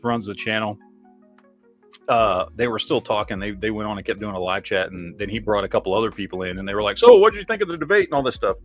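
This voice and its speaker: A man hosting a podcast, rambling in casual chat, swearing heavily and reacting to viewer comments. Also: lowish voice. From Michigan, USA. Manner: heavy swearing, rambling, animated. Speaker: podcast host.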